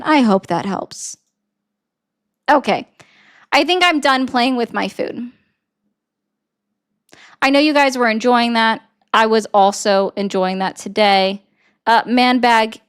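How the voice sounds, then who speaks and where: A woman's voice: sits high, normal speed. A woman doing blunt, sarcastic political commentary on a livestream, reading and answering viewer comments. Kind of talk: casual live-stream commentary reading chat.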